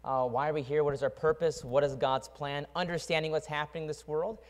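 A pastor with a slightly high voice talks quickly through announcements before leading a closing prayer. His voice echoes with the long reverb of a church hall. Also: fairly even intonation. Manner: brisk and upbeat, then prayerful.

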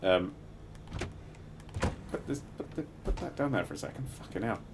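A middle-aged man streaming a game live, muttering to himself, swearing freely and bursting into excited exclamations. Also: on the low side, moderate pace, noisy background. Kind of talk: live gameplay commentary.

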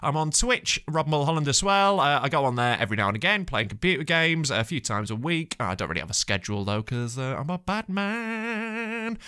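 A British man tears into his subject in a sweary, sarcastic comic rant. His pitch leaps all over the place. His tone is bright and cutting, and his delivery is exasperated throughout. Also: lively intonation, fast talker, few pauses. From Britain. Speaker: stand-up comedian and podcast host.

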